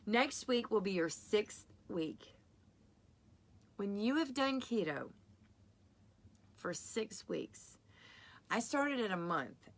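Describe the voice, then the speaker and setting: A woman's voice: mid-range voice, animated, slow, long pauses. A middle-aged woman hosting a live keto workshop, chatty and encouraging, greeting viewers by name as she talks. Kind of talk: casual livestream chat.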